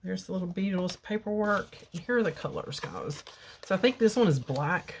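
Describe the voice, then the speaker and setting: A woman's voice: animated, moderate pace, slight background noise. A middle-aged woman chatting casually at home about gel polish she bought, showing each bottle to the camera. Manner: chatty, baby-talks her cat in a high cooing voice. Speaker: beauty vlogger. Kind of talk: casual product haul chat. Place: home bedroom.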